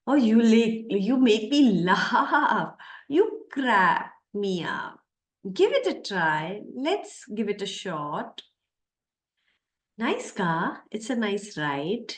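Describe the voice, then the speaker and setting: A woman teaching an English lesson, pausing often with "uh" as she reads out example phrases. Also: medium pitch. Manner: slow, with many "uh" pauses, reading out example phrases.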